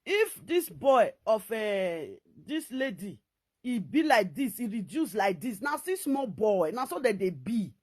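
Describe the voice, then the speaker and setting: A middle-aged woman with a Nigerian Pidgin accent, ranting to camera in a scolding, repetitive, animated way as a vlogger. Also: fairly high pitch, unhurried.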